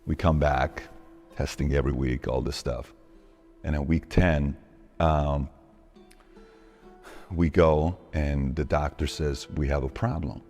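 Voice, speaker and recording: A man telling a personal story in an interview, acting out the dialogue with lively shifts in his voice. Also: extremely low pitch, takes it slowly, long pauses, soft background music. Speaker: interview guest.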